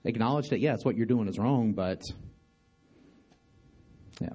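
A man giving an informal bible study talk, halting with many restarts and fillers, often asking his listeners questions. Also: mid-range voice, warm tone, breathy edge, muffled recording, faint music behind. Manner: conversational, asks listeners questions. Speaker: bible teacher.

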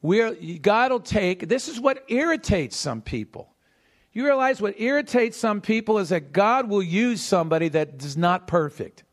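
At normal speed and in a high-pitched voice, a man delivers a sermon, teaching verse by verse and performing the voices in the story. He's animated, calling questions out to test the congregation.

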